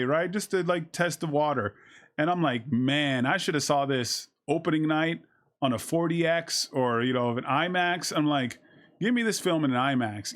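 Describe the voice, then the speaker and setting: A man giving a casual, excited spoken movie review, rambling with many fillers and restarts, and acting out his reactions with sudden shouts. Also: fairly high pitch.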